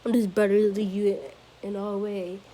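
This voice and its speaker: A woman voicing a calm, quietly smug teenage boy hero in a fan-made story, speaking low and flat. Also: moderate pace, a little hiss or hum, close to an everyday voice.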